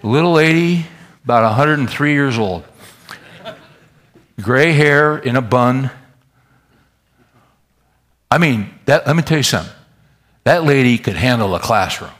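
A man preaching a sermon in a folksy, animated way, talking straight to his congregation. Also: mid-range voice, unhurried, long pauses. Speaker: pastor.

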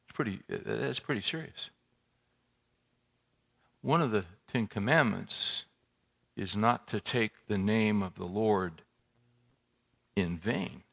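A man's voice: fairly low pitch, slow, gravelly, pauses often. A male pastor preaching a sermon in a church, speaking conversationally, asking the congregation questions and repeating himself as he builds a point. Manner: conversational, animated preaching with rhetorical questions and repetitions.

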